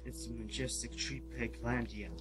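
A man's voice: medium pitch, flat delivery, moderate pace, fairly bright tone, soft background music. A man gaming with a friend in casual chat, jokey and playful. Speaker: gamer.

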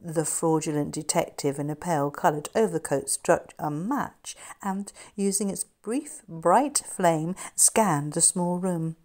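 Low-voiced woman reading her novel aloud. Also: a little slow, hardly any pauses, darkish tone. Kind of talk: scripted narration.

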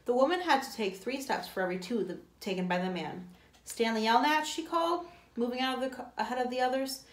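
A woman's voice: fairly high pitch, expressive, quick pace. A woman, a teacher, reading a novel aloud, with occasional slips and self-corrections. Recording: echoey room.

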